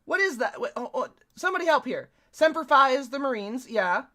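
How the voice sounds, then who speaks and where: A woman live streaming, reacting to a video in casual, excitable chat and swearing freely. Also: sits high, fairly quick.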